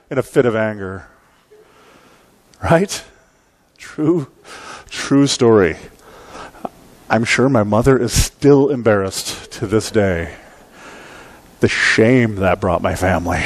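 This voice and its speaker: A man's voice: mid-range voice, darkish tone. A man in his forties preaching a sermon in a church, telling a story in a conversational, self-deprecating, humorous way and often checking in with the congregation. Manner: conversational storytelling, keeps asking the congregation "right?". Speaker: pastor. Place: church sanctuary.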